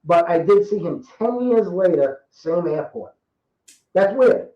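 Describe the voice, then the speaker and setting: A man in his fifties from Rhode Island tells stories in a loose, rambling way, often circling back and restarting his sentences. His voice sits a bit high for a man. The recording is roomy and somewhat dull. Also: lively intonation, unhurried. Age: 50s. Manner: rambling, chatty, repeats and restarts. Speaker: podcast guest. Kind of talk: casual storytelling.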